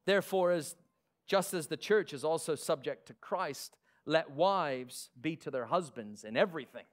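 Aussie pastor guy preaching, kinda high voice, jokey sarcastic bits. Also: normal speed. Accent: Australian. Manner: animated preaching with sarcastic asides. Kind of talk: sermon.

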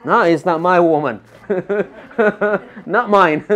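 A man's voice: sits high, drawn-out words, fairly bright tone, dull audio. A man with a Filipino accent preaching a sermon to a congregation in a church, reading Bible verses and putting rhetorical questions to his listeners.

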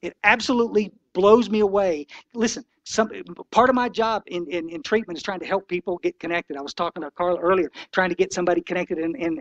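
A man's voice: high voice, dry recording, lo-fi sound. A man in his sixties giving an impassioned, folksy talk to a recovery meeting, preachy and blunt.

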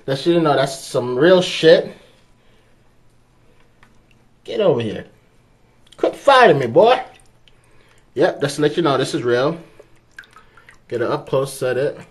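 A young man vlogging casually from his kitchen sink, excitable and profane, talking to his dog and the camera. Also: a little high, slow, long pauses. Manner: excitable, profane, talks to a pet. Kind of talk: casual handheld vlog.

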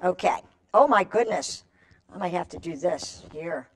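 A woman's voice: lowish voice, animated, a little slow. A woman reading a picture book aloud to children, coaxing them to join in with stretches and animal calls. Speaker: children's storyteller.

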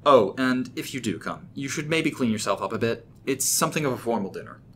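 A man's voice: mid-range voice, animated, a little fast, fairly bright tone, slight background noise, natural voice. A man reading a horror story, voicing a friendly, pushy male college student with a good-natured, persuasive manner in a raised voice. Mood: upbeat.

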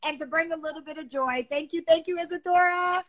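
Woman, high voice, gushing live-stream host, casual phone chat. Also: brisk, a bit bright. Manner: gushing and effusive.

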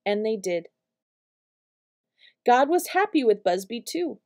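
Woman reading a picture book, mellow. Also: on the high side, slow pace. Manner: warm, expressive storytelling. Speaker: storytime reader.

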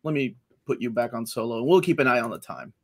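Guy co-hosting a live auction stream, halting chatty talk, regular mid pitch. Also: breathy edge. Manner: hesitant, many fillers. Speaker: co-host. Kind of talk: casual live-stream chat.

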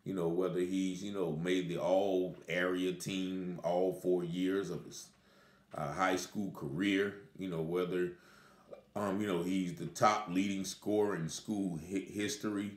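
A man with a low, deep voice gives unhurried spoken commentary. He rambles, restarting sentences and filling gaps with "you know" and "uh". The recording has a noticeable room echo. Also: little pitch movement. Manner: rambling, many fillers and restarts. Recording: echoey room.

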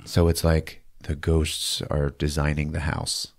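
A man's voice: very deep voice, a little slow, vocal fry. A man hosting a podcast who recaps a movie in a profane, laughing, comic way. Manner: profane, laughing, animated storyteller. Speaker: podcast host.

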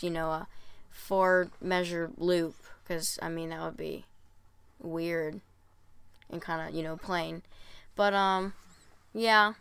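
A man co-hosting a casual podcast and talking about composing music, halting and full of fillers. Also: a little high, a bit bright, clear, resonant tone. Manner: halting, full of "you know" and "um". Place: bedroom.

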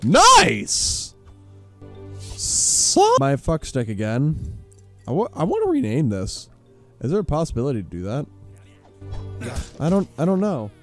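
A man hosting a profane let's play commentary, sarcastic and swearing constantly, bursting into yells. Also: on the high side, huge pitch swings, moderate pace, long pauses, soft background music. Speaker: gaming channel host.

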